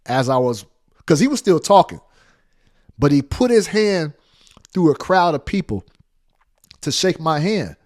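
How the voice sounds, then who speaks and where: A man's voice: a little slow, long pauses. A man telling a story in a casual monologue, repeating phrases for emphasis. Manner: animated, acts out quotes with big pitch jumps.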